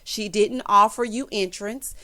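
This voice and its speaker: A woman's voice: mid-range voice, measured pace. A woman giving casual, sassy recap commentary on a reality TV episode, calling viewers honey and y'all. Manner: sassy, animated, quotes others in voices.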